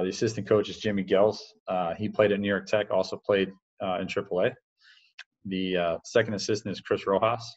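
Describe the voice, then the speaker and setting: A man's voice: on the low side, muffled recording. A man, a baseball coach, chatting as a guest on an interview podcast, rambling with lots of fillers and restarts. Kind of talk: casual interview storytelling.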